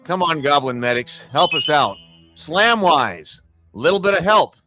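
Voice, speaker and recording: Male GM calling a live tabletop fight, high, bright and eager, faint music underneath. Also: a little slow. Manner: excitable, cheers and pleads over dice results. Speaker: game master and streamer. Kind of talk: live play-by-play of a tabletop arena battle.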